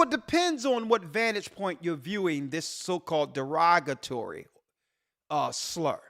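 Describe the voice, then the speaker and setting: This church elder, who also hosts a show, offers commentary on a news article with spirited preaching, rhetorical questions and emphatic repetition. His voice is a little high, unhurried and gravelly.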